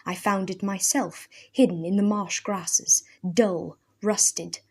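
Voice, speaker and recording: A half-mad old hermit , put on by a woman reading a storybook, his archaic speech swinging from roaring fury to reverent hushes. He is intense and obsessive, clinging to his treasure. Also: medium pitch, steady tone, takes it slowly, breathy edge. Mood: fervent. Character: mad old male hermit, wild and fervent.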